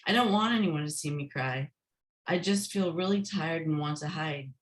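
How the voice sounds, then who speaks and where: A woman reading aloud as a sad, shy young girl sea otter from a children's storybook, in a quiet, tearful way. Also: deep voice, moderate pace, close to an everyday voice.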